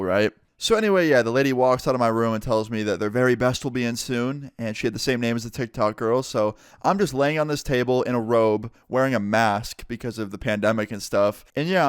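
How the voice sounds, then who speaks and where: A young man, a vlogger, telling a story in a casual, animated way with some swearing. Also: mid-range voice, clear, resonant tone, no room sound, clean studio sound. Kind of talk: storytime vlog.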